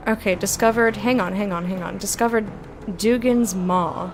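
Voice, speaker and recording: A young adult woman streaming a game, chatting excitedly with viewers, swearing, and slowly reading game text aloud. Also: medium pitch, music in the background. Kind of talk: blind let's-play commentary, chatting with viewers.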